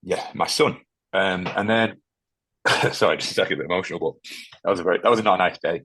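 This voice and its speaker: Male guest, deep husky voice, quick and halting, emotional and candid. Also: a bit bright, no echo. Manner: halting, emotional, many restarts. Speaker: podcast guest, firefighter. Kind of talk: candid interview conversation.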